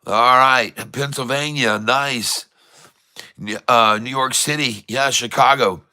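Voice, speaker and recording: Bright, crisp-voiced man hosting a livestream. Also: medium pitch, steady tone, takes it slowly. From Michigan. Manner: chatty, reads out viewers' locations. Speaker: livestream host. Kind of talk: casual livestream chat.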